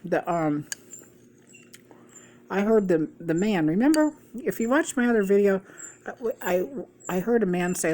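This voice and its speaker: Woman, middle-aged, somewhat low voice, rambling storytime, casual, swears, gossipy. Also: expressive, normal speed, pauses often, a little mellow. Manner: chatty, swears freely, gossipy asides. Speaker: mukbang vlogger.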